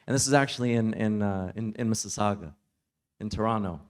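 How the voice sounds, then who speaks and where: A man teaching at a religious retreat, telling a personal story in a relaxed, conversational way, full of "like" and "you know.". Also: fairly low pitch, a little fast. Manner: casual, conversational, heavy use of "like". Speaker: Islamic teacher. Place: summer retreat lecture.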